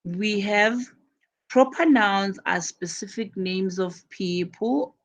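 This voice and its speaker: Slow, patient woman teaching English. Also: medium pitch, rough recording. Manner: patient, repeats and stresses key words. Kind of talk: classroom pronunciation lesson.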